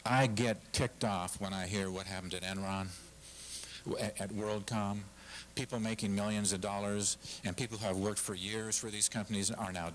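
A middle-aged man delivers a passionate speech to a civic audience, pressing his points with repetition and false starts. His voice sits low, and a faint hiss lies under the recording. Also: fairly bright tone, low-quality recording. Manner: passionate, emphatic, repeats himself. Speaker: guest speaker. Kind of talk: public speech at a civic forum. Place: lecture hall with audience.

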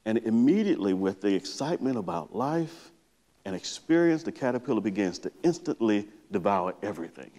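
A middle-aged psychotherapist gives a conference presentation in a large, reverberant lecture hall, and the recording carries a long hall reverb. His voice is fairly low and fairly quick as he tells a lively story, acting out how he reads to his daughter.

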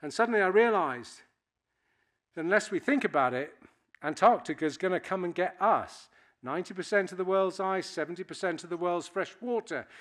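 A man's voice: high voice, a bit bright. A man in his sixties from Britain, giving a public speech to an audience and telling wry, anecdotal stories. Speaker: keynote speaker.

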